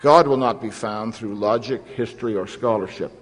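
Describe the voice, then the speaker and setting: A man giving a formal sermon, telling a story in a measured, solemn way with scriptural phrasing. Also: on the low side, breathy edge, long reverb tail. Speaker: preacher.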